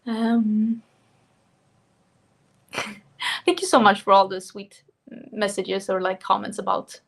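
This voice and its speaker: A woman's voice: mid-range voice, fairly even intonation, slow, gravelly. A young woman from Sweden with a Swedish accent, chatting casually on a livestream and reading out viewer comments. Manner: chatty, laughs often, reads out viewer comments. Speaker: beauty vlogger hosting a livestream.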